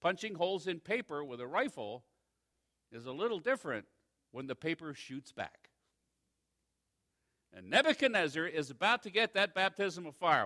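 A male pastor preaches with a lively, swooping delivery and a bright, forceful tone. He is wry and animated, rising to loud emphasis and then dropping to hushed, confiding asides. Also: high-pitched, normal speed. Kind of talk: sermon.

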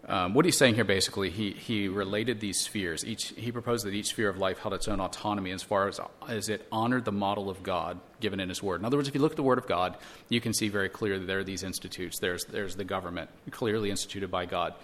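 A man's voice: low-pitched, fairly even intonation, quick pace, a bit bright, a little hiss or hum. A man teaching a church Bible lesson, earnest and explanatory, using rhetorical questions and frequent restarts.

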